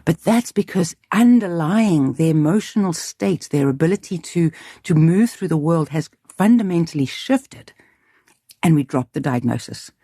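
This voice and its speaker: A woman's voice: low voice, lively intonation, moderate pace, mellow, slightly rough, dry recording, clean studio sound. A woman who runs a school, speaking earnestly and emphatically in an interview, thinking aloud with restarts. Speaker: school leader. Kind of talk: reflective interview talk.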